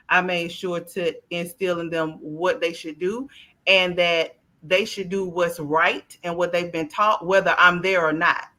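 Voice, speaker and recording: A woman hosting a podcast who tells stories from family life in a blunt, profane, animated way, acting out the voices she quotes and laughing often. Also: fairly low pitch. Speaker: podcast host. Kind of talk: casual storytelling chat.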